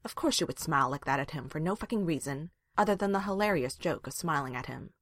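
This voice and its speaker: A woman reading a fan fiction story aloud with expressive narration. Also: low voice, fast talker, no room sound, clean studio sound. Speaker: reader.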